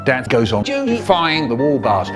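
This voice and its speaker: A man telling a spliced-together comic story in an animated voice that jumps into sudden squeaky highs. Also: measured pace, music in the background.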